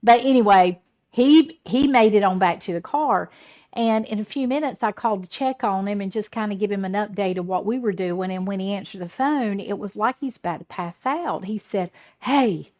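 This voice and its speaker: A woman's voice: medium pitch, normal speed, darkish tone. Chatty laughing woman, lo-fi sound. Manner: chatty storyteller, laughs often, repeats words. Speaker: podcast co-host. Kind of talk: casual chat.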